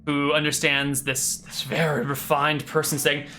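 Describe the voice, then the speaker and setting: A game master narrating a tabletop role-playing game, casual and quick, with fillers and asides. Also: medium pitch, flat delivery, sharp tone, slight background noise.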